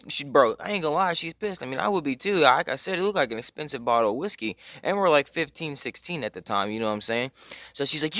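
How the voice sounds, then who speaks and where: A man's voice: fairly high pitch, animated, fast, sharp tone, dry recording, studio quality. A young man telling a casual story, rambling with lots of slang, fillers and cursing. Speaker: storytime vlogger.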